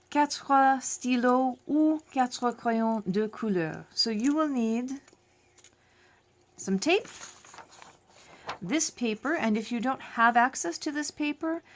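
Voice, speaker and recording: A woman teaching a French lesson, explaining slowly and repeating each phrase in both languages, with self-deprecating asides. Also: on the high side, slight background noise. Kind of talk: classroom lesson.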